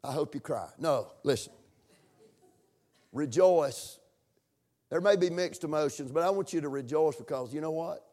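A man's voice: on the high side, moderate pace, pauses often, mellow. A middle-aged man preaching a sermon and leading a fervent prayer. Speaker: pastor.

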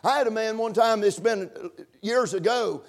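A man preaching a sermon, punctuating his points with amens and building to shouted emphasis. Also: sits high, normal speed. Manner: preaching with call-and-response amens, rising to shouts. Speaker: pastor.

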